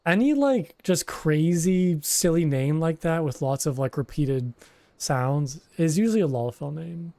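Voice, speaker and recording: Animated yet a little slow, this man has a warm, slightly high voice as he streams a role-playing game. He chats casually, rambling through fillers and restarts, and reads the game's dialogue aloud.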